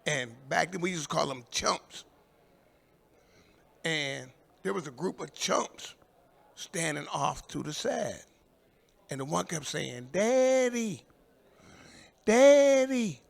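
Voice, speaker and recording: Gravelly older man telling stage stories. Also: fairly high pitch, lively intonation, slow pace, long pauses. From Indianapolis, USA. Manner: profane, rambling storytelling with shouted quoted voices. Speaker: stand-up comic. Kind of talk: stand-up comedy set. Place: live comedy stage.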